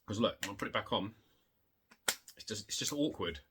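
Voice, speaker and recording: A man showing off his retro game collection in a casual, rambling way, excitable and swearing, getting worked up in rants, hot and sweaty. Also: fairly quick, background noise. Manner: excitable, swearing, rants with big pitch jumps. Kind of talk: casual rambling show-and-tell.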